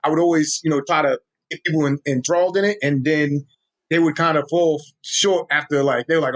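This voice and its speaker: A man's voice: a little high, a little fast. A young man with a New York accent, talking casually and with energy as an interview guest, often restarting his words. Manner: animated, street-casual, repeats and restarts words. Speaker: guest, social media Tolkien explainer.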